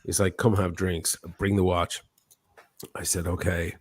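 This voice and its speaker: Man, low-ish voice, casual live-stream storyteller, profane, acts out the quotes. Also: a little slow. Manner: profane, animated anecdote with acted-out quotes. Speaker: watch channel host.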